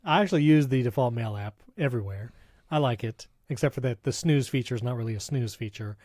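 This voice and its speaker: Chatty upbeat guy on a podcast, laughs easy, mid-pitch voice, dry room. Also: quick pace, dark tone, dry recording. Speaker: podcast co-host. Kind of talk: casual chat.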